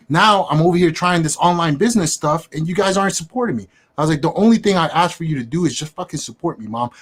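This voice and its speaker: A young man telling a casual, profane story in an interview and acting out the dialogue. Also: a little high. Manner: animated, profane, acts out quoted dialogue. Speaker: guest, business affiliate.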